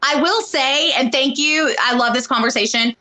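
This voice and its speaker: A woman co-hosting a casual show chat, talking in a chatty, animated way and acting out quoted lines when she retells a story. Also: high-pitched, moderate pace, low-quality recording. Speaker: co-host.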